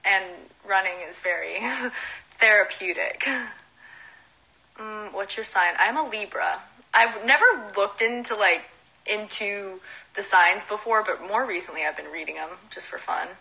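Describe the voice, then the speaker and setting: A woman's voice: mid-range voice, a little slow, creaky, pushed and bright, low-quality recording. A young woman with a Southern American accent, chatting on a livestream, reading out fan questions and answering them with frequent giggles. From Southern United States. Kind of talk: casual livestream Q&A. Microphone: phone.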